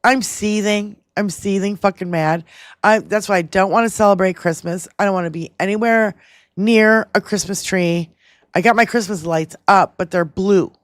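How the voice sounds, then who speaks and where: A woman's voice: mid-range voice, moderate pace, no echo, clean studio sound. A woman co-hosting a casual political chat show, talking bluntly and angrily with heavy swearing. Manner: blunt, profane, heated. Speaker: podcast co-host.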